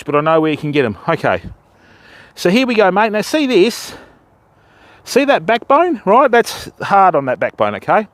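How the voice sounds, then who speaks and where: In a dry recording, a high-voiced Australian man runs a casual live fishing stream from a river bank at dusk. He explains to viewers, step by step, how to bait and rig.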